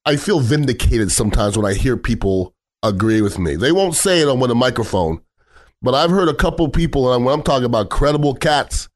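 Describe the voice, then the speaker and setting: A middle-aged man giving a blunt, heated sports talk rant on football, swearing freely and repeating himself as he drives his points home. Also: mid-range voice.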